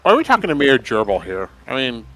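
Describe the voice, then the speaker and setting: A man's voice: mid-range voice, huge pitch swings, fast talker, fairly bright tone, faint music behind, low-quality recording. A man in casual game-stream chat, rambling with lots of "like" and laughter. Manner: rambling, filler-heavy, laughing.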